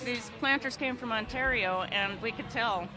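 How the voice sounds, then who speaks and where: A woman's voice: fairly high pitch, moderate pace, poor audio. A woman guest on a podcast, chatting casually and agreeably with the host. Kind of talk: casual chat. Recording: music playing under the voice.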